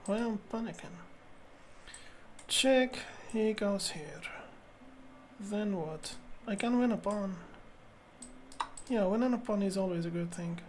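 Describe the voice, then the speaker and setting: A woman chess streamer thinking aloud as she plays, muttering to herself in halting, repeated phrases. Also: mid-range voice, a little hiss or hum.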